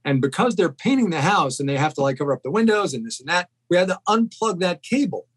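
A man's voice: sits high, big pitch swings, quick pace, slightly rough. A man co-hosting a podcast from a home shed over a video call, telling a rambling, self-deprecating story in casual chat. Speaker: podcast co-host. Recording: poor video call audio.

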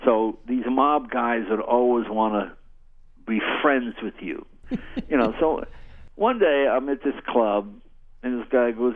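An older guest comedian tells anecdotes in casual conversation, animatedly performing the voices of the people in them. His voice is medium-pitched and unhurried. The audio has phone-like quality.

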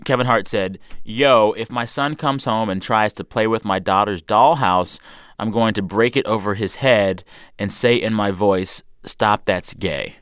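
A man's voice: lowish voice, normal speed, fairly bright tone, smooth, dry recording, clean studio sound. A man hosting a chat show, running a quiz and telling news stories in a wry, playful way. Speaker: show host.

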